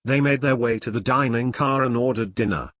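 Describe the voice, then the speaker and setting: A man narrating a story in a plain, even storytelling read. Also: medium pitch, fairly quick, dry recording, studio quality. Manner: plain storytelling read, few voice changes for characters. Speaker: audiobook narrator. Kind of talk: scripted narration.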